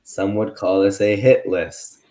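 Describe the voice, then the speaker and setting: A young man in his teens, a podcast co-host, telling a long story in a casual, animated way, acting out the people he quotes. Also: fairly low pitch, a little slow.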